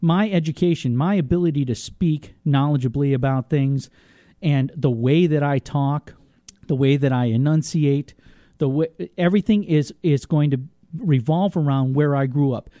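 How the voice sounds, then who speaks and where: A man's voice: on the high side, normal speed, mellow, dry recording. A man hosting a talk radio show, speaking passionately off the cuff and stumbling over repeated words as he argues his point. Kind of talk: opinionated talk radio monologue.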